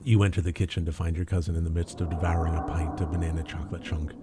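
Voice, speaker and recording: A man's voice: low-pitched, flat delivery, fast, loud music behind the voice. A man playing a story game on stream, reading narration aloud and commenting in a jokey, swearing, casual way. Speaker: let's play streamer.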